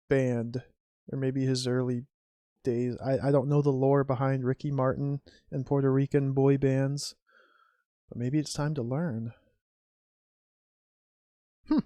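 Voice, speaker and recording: An unhurried streamer talks through an old adventure game, reading each typed command and the game's replies aloud in a wry, musing way. The voice sits close and dry, with no room around it, and keyboard clicks come through now and then. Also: medium pitch, steady tone, mellow, dry recording. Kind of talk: casual gameplay commentary, reading game text aloud.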